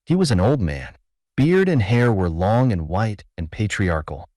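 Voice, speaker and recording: Low-voiced male story narrator. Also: very animated, measured pace, a little mellow, no room sound, studio quality. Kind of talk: storybook reading.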